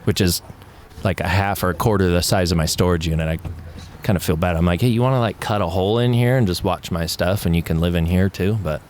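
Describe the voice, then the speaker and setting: A man's voice: low-pitched, quick pace, a little mellow, a little hiss or hum. A man co-hosting a casual podcast, telling loose stories with lots of laughter, swearing and acted-out quotes. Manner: laughing, swearing storyteller who acts out quoted talk. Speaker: podcast co-host. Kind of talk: casual chat.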